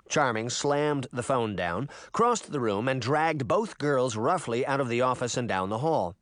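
A man narrating an audiobook chapter in an expressive storytelling manner. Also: medium pitch, a little slow, few pauses, dry recording, studio quality. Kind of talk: scripted narration.

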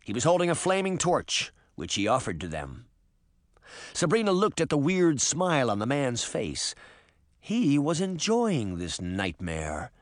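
A man narrating an audiobook in an expressive storytelling manner. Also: medium pitch, measured pace, no echo, studio quality. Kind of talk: scripted narration.

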